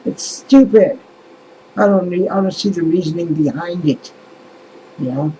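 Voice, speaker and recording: A man's voice: fairly high pitch, moderate pace, warm tone, slight background noise, low-quality recording. A man musing aloud in a casual vlog monologue, rambling and swearing as he grumbles about things that irritate him. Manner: rambling, profane, exasperated musing. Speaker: vlogger.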